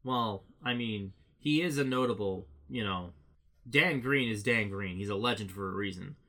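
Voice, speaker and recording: A man's voice: fairly low pitch, moderate pace, sharp tone. A young man co-hosting a podcast, chatting casually and opinionated, swearing freely. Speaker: podcast co-host. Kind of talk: casual chat.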